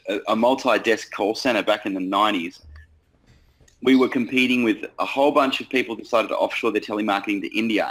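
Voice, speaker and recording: A man's voice: on the low side, low-quality recording. A man coaching salespeople in casual talk, blunt and full of swearing. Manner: blunt, profane, animated. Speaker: sales trainer.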